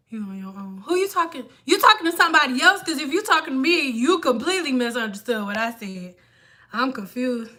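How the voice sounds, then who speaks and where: Blunt, high-voiced woman ranting on a livestream. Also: brisk. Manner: blunt, profane, animated ranting. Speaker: hair stylist hosting a livestream. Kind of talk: casual livestream rant.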